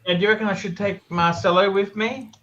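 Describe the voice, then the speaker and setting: A man's voice: high-pitched, steady tone, fast talker, fairly bright tone. An Australian man hosting a livestream, chatting casually and asking short questions. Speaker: livestream host. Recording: dull lo-fi audio with faint music.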